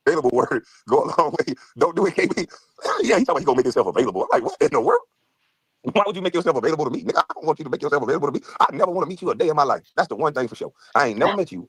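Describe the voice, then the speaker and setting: A man ranting fast in a heated podcast chat, mocking and trash-talking with frequent laughs. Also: medium pitch, fairly bright tone, breathy edge, no room sound. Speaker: guest streamer.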